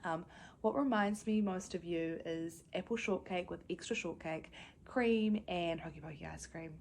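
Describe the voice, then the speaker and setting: Young NZ woman, low and creaky, fond and casual tribute read. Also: normal speed, darkish tone, a little hiss or hum. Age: 20s. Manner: fond, with small laughs and fillers. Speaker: granddaughter and mother. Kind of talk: heartfelt family tribute message.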